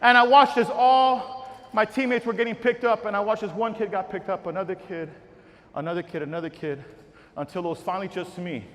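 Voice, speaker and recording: High-voiced motivational speaker. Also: male voice, steady tone, fairly quick. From Texas. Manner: call-and-response, shouting chants to the crowd; storytelling, dropping to a hushed voice. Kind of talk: keynote speech to educators. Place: large auditorium. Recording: reverberant hall with audience.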